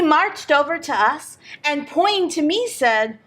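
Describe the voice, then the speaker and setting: A woman reading a picture book aloud in an expressive storytelling manner for a library program. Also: sits high, a little slow, few pauses.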